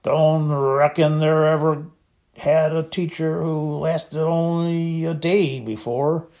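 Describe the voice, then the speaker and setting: A man's voice: on the high side, fairly even intonation, takes it slowly, vocal fry, a little mellow, pitched above the performer's own voice. A man voicing a big, drunk male half-giant gamekeeper who talks thickly and roars when angry. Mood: miserable drunk. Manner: slurred, thick, then roaring angrily.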